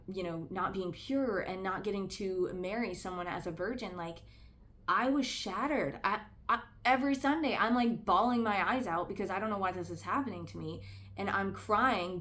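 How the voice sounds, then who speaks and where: A woman's voice: mid-range voice, fairly bright tone. A woman talking candidly in a casual vlog, earnest and conversational, leaning on "like" a lot. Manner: candid and conversational, heavy use of "like"; earnest, speaks out about personal experience. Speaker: vlogger. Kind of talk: casual commentary to camera.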